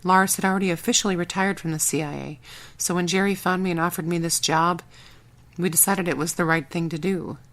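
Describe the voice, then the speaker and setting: A blunt, no-nonsense former agent, a woman, voiced by the audiobook's narrator. She lays things out matter-of-factly in a fairly low voice. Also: steady tone, a little fast, fairly bright tone.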